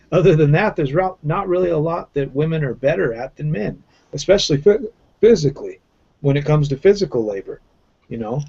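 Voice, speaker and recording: A man's voice: fairly high pitch, expressive, moderate pace, creaky, warm tone, slightly rough. Blunt man talking on a muffled call. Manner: blunt, scornful opinions with frequent fillers. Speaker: round table panelist. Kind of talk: casual group chat. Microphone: video call. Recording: dull lo-fi call audio.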